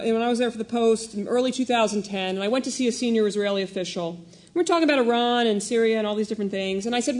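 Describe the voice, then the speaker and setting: A woman reporter speaking on a panel, a little emotional, talking quickly and telling stories with animation. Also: fairly high pitch, darkish tone. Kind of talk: panel discussion.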